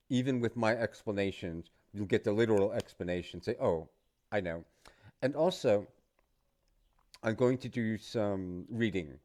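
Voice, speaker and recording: A middle-aged man from the United States gives a casual spoken English lesson. His voice sits a little low, and he talks in a relaxed, chatty way, drifting into asides as he explains. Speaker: English teacher.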